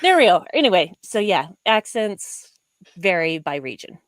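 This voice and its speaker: A woman's voice: on the low side, very animated, normal speed, no room sound, studio quality. A woman co-hosting a casual fan discussion, emphatic and opinionated with a playful lecturing streak. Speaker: co-host of a fan discussion show. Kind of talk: casual panel chat.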